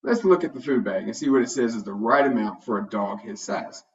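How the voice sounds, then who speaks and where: A patient, kindly father explains things calmly in a storybook reading, as a man reads him. His pitch sits right in the middle. The recording is muffled and a little distant. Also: brisk, natural voice. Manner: calm, explaining. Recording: dull, distant home recording.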